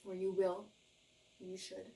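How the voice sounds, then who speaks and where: A woman's voice: medium pitch, monotone, slow pace, mellow, far from the mic, poor audio. A woman giving a tarot reading to camera, earnest and reassuring, often checking in with "okay?" and gushing with emotion. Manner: gushes with emotion. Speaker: tarot reader.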